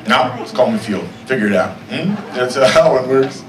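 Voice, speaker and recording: A young man performing a stand-up comedy set on a club stage, with deadpan asides and checks on the crowd. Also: mid-range voice, moderate pace, hardly any pauses. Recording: echoey club sound from far off. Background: audience noise.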